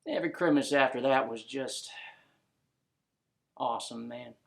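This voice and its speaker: A man's voice: mid-range voice, a little slow, creaky. A man narrating a comic story in a laid-back drawl full of folksy slang.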